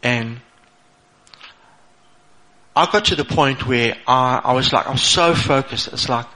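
A middle-aged man gives a casual motivational talk built around a personal testimony, repeatedly asking "okay?" and restarting phrases. His medium-pitched voice sounds pushed and bright, moving a little slowly with long pauses, and the recording quality is low.

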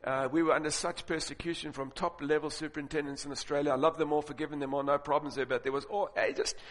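Man preaching, tells stories then gets loud and punchy, kinda high voice, big echoey hall. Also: little pitch movement, fast talker. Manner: storytelling, building to loud emphatic points. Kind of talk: sermon. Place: large auditorium with audience. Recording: long reverb of a large hall.

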